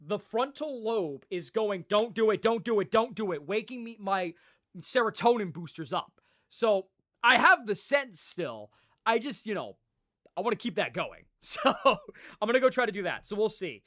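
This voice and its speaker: A young man livestreaming, chatting casually with viewers in a rambling, animated way, swearing freely and laughing often. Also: sits high, unhurried. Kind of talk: casual chat with live viewers.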